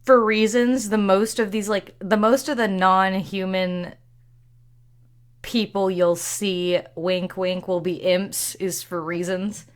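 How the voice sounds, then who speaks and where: A woman's voice: mid-range voice, fairly even intonation, slow pace, smooth. A woman narrating a tabletop roleplay as game master, rambling and correcting herself as she goes. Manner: rambling, self-correcting, giggly.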